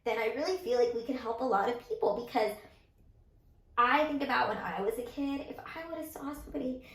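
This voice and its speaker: A woman's voice: on the high side, fairly quick. Emotional young woman in an echoey room. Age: 20s. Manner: emotional, tearful storytelling with many fillers. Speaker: co-host. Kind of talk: casual chat. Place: indoors, getting ready with makeup.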